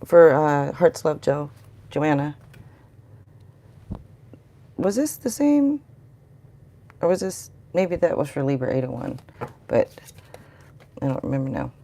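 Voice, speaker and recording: A woman's voice: low voice, very animated, slow, pauses often, mellow. A middle-aged woman giving a rambling, chatty live tarot reading and talking to viewers in the chat. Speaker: tarot reader.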